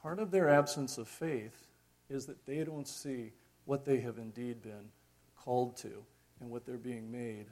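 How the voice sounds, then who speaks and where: Male preacher, middle-aged, husky and unhurried, reflective sermon delivery with frequent pauses. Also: mid-range voice, a little mellow. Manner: reflective, conversational, many pauses and fillers.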